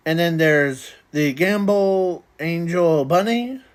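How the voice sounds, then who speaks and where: A man hosting a casual card review video, talking in a halting way with many restarts. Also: a little high, expressive. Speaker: video host reviewing custom cards.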